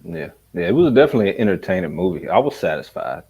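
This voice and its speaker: Husky chill dude, voice jumps around a lot, easy to crack up. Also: male voice, deep voice, big pitch swings, fast, darkish tone. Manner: laid-back, easily amused. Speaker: podcast co-host. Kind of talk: casual chat. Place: vacation rental room.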